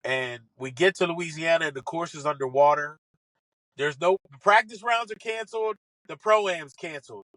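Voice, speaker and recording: Lively comic man telling stories, bright tone. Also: fairly high pitch, moderate pace, no echo, poor audio. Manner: animated, excitable, acts out quoted lines. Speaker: podcast guest, comedian and golf broadcaster. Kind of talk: casual comic storytelling.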